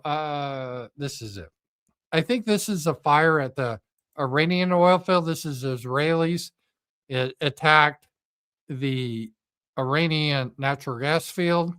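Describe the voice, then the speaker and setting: A man's voice: a little high, takes it slowly, a bit bright, clean tone. A middle-aged man hosting a live political commentary stream, speaking off the cuff in a profane, sarcastic and mocking way with frequent fillers.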